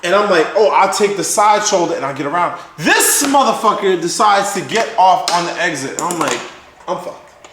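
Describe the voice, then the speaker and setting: Young male podcast host, profane animated storyteller, higher voice, echoey room. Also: brisk, few pauses, a little hiss or hum. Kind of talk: casual storytelling chat.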